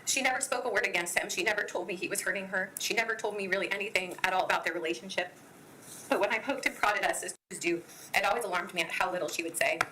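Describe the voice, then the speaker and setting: A woman giving a victim impact statement in court, reading her prepared statement in an earnest, measured way. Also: medium pitch, sharp tone, a little hiss or hum, rough recording.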